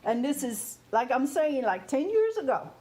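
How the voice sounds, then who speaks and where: A woman's voice: high-pitched, animated, normal speed, a little mellow. A woman in her fifties who learned English as a second language, talking through a topic in a conversational way, laughing often and checking whether you hear her. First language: not English. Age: 50s. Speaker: guest speaker on grief. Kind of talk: conversational teaching talk.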